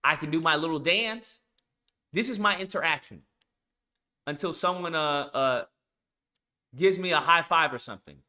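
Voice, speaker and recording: A man's voice: on the high side, moderate pace, long pauses, pushed and bright. A man hosting a live stream, ranting emphatically about a video game, repeating points and swearing often. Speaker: streamer and show host. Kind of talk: casual live-stream rant.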